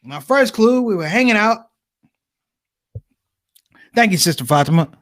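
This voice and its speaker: A man doing stand-up comedy, telling stories as an animated storyteller with big voice swings. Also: sits high, measured pace.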